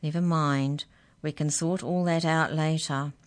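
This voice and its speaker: A woman's voice: low-pitched, fairly even intonation, a little slow. A woman reading a children's story, voicing a sly, cheerful mouse who is secretly the Tooth Fairy and teases the others knowingly. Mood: teasing. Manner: cheerful, teasing, knowingly smug.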